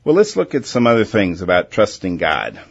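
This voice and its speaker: A man hosting a Christian call-in radio show, talking earnestly and gently and often restarting his words. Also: low-pitched, huge pitch swings, normal speed, gravelly, lo-fi sound. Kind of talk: faith-based call-in radio talk.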